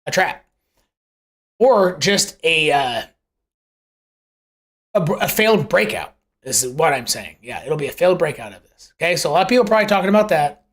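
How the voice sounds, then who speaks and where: Animated, chatty live-show chart analyst. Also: mid-range voice. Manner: conversational and rambling, with self-corrections; uses homely analogies and rhetorical questions. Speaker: host of a live crypto price analysis show. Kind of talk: casual live chart commentary.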